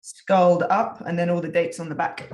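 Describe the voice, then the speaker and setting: A British woman speaks as a podcast guest, cheerful and quick to laugh. Her voice comes through a video call that sounds roomy and echoey. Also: on the low side, little pitch movement, darkish tone. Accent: British English. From Britain. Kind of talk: casual chat.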